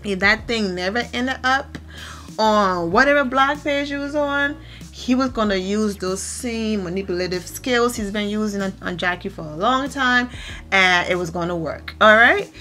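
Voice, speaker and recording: Woman, bright forceful voice, recapping TV in a chatty, opinionated way, soft music behind. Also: mid-range voice. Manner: animated, opinionated, quick asides. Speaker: reality TV recap host. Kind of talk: casual commentary recap.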